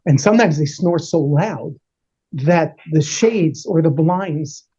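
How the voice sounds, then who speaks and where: Animated rabbi telling children a story. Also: male voice, a little high, slow, breathy edge, highs cut off. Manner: animated, acts out the characters' voices in short bursts; sprinkles Yiddish and Hebrew words. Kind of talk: storytelling to children over a video call.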